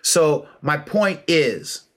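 A man delivering a heated, emphatic monologue with a slightly high voice. He lectures in a preachy, slangy way, pressing his points hard and slipping into mocking asides. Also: expressive, drawn-out words. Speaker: martial arts commentator. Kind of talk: impassioned monologue.

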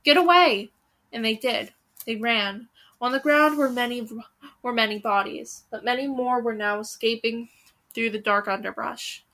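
A woman's voice: a little high, steady tone, moderate pace, a bit bright. A woman reading a storybook aloud with dramatic, suspenseful pacing.

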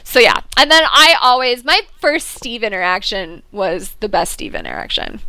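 A woman's voice: mid-range voice, big pitch swings, moderate pace, sharp tone, no echo. A woman co-hosting a casual fan chat, telling stories animatedly, acting out quotes and laughing often. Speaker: podcast co-host.

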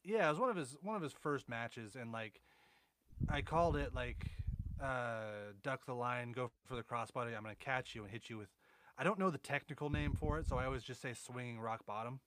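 A man co-hosting a podcast, chatting casually in a halting, blunt way about wrestling matches. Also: medium pitch, fairly bright tone, no echo. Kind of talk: casual chat.

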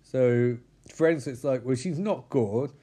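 Man, mellow voice, casual rambling recap, profane, quick character voices. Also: medium pitch, slightly rough.

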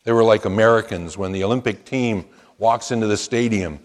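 A man's voice: on the low side, a little fast, in a large hall. A man preaching a sermon as pastor, rising into emphatic chanted quotes.

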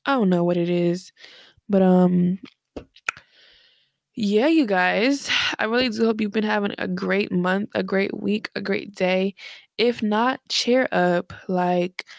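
An unhurried young woman with vocal fry and a medium-pitched voice hosts a late-night podcast from her bedroom. Tired and slightly breathless, she chats in a rambling, slangy style with lots of fillers. She's on headphones and a desk mic, and the dry recording is studio quality.

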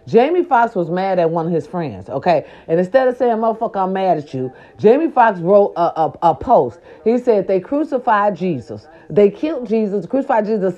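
A woman hosting a casual commentary show, ranting loudly with lots of profanity and slangy asides, exasperated and outspoken. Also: mid-range voice. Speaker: host. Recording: dull lo-fi sound.

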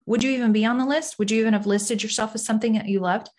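A woman's voice: fairly high pitch, steady tone, rapid-fire, a little mellow. A middle-aged woman talking casually to camera from home, chatty and rambling with lots of fillers, candid and encouraging. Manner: candid, self-deprecating, encouraging. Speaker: faith-based self-esteem speaker. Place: home room.

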